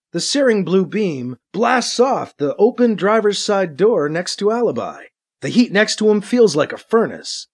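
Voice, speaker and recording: A man narrating a science-fiction story with a dramatic, expressive reading. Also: high voice. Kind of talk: audiobook narration.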